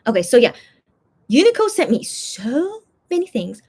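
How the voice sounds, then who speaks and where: A woman's voice: a little high, sing-song, moderate pace, a little mellow, husky. Woman rambling in casual fan chat. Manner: rambling, many fillers and restarts. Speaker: fan vlogger, channel host.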